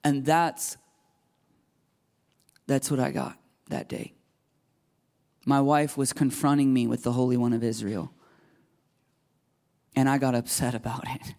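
A man's voice: medium pitch, level tone, unhurried, pauses often, a little mellow. Guy pastor preaching, earnest, confessional, acts out the prayers he quotes. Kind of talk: sermon.

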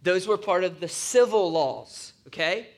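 A man's voice: sits high, expressive, measured pace. A man preaching a sermon in a conversational way, often asking his listeners to agree and acting out grumbling voices in asides. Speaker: pastor.

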